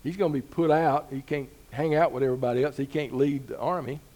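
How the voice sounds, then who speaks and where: A man's voice: medium pitch, steady tone, fast talker, darkish tone. A man preaching a sermon as pastor, talking to the congregation in an easygoing way with rhetorical questions and rising emphasis.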